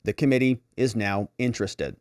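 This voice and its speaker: A man's voice: lowish voice, lively intonation, moderate pace, darkish tone, no room sound, studio quality. A man giving casual legal commentary, sarcastically reading out and mocking letters. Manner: sarcastic, mocking voices when paraphrasing letters. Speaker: lawyer commentator.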